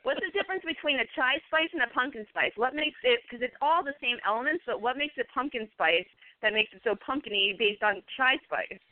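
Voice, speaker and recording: A man's voice: very high voice, expressive, brisk, hardly any pauses, dry recording. A man co-hosting a podcast, chatting casually, rambling and laughing often. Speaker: podcast co-host. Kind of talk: casual chat. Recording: tinny phone-like sound, faint hiss.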